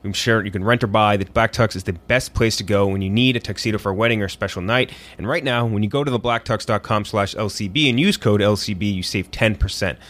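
A man's voice: lowish voice, fast, hardly any pauses, fairly bright tone. Laid-back male podcast host. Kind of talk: casual group chat and read ad.

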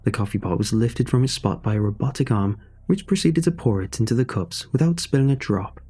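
A man narrating a horror story in a measured, suspenseful way. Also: mid-range voice, mellow, husky.

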